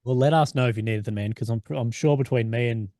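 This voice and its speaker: A man's voice: medium pitch, quick pace, warm tone, no echo, clean studio sound. An Australian man hosting a podcast, bantering in a laid-back way with heavy slang and swearing. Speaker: podcast host. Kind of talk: casual chat.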